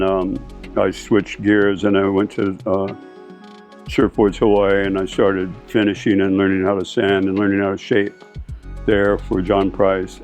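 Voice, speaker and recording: A man's voice: lowish voice, a little mellow. A man in his seventies from California, telling old stories in a rambling, anecdotal way. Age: 70s. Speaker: surfer and board shaper. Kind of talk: reminiscing interview storytelling. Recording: dull lo-fi audio with faint music.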